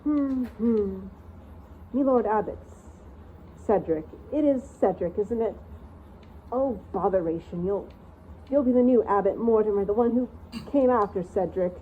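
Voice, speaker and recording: A woman voicing an ancient, forgetful male mouse who keeps records, speaking in a squeaky near-whisper and rambling like a doddering elder. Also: measured pace, long pauses, close to an everyday voice. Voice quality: squeaky voice barely above a whisper. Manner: doddering, rambling, peering over spectacles. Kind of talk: storybook reading. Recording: tinny phone-like sound, faint hiss.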